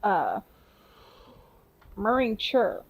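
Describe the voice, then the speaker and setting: A woman's voice: mid-range voice, wildly swooping pitch, very slow, husky, low-quality recording. A woman chatting casually as a podcast co-host, making short matter-of-fact remarks. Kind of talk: casual chat.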